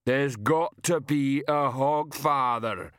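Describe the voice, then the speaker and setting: A huge, simple-minded brute of a man, as a man narrator puts him on speaks in a slow, heavy rumble, each word dragged out. The voice sounds a little farther from the mic than the narration around it, in a dry, close space. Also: fairly bright tone, clean tone, no room sound. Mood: stubborn.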